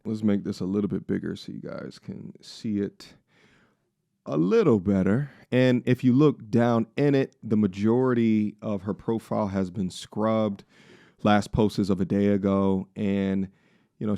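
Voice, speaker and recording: A man's voice: lowish voice, unhurried, vocal fry, dark tone, no room sound. A man hosting a casual commentary channel who talks straight to his viewers in a blunt, incredulous way, recorded close in a home studio.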